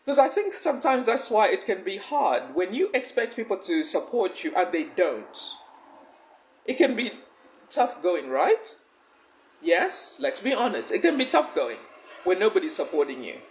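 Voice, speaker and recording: A woman's voice: medium pitch, very animated, normal speed, slight background noise, low-quality recording. A woman life coach giving a faith-based motivational talk. She speaks emphatically, asks the listener questions and often breaks into laughter.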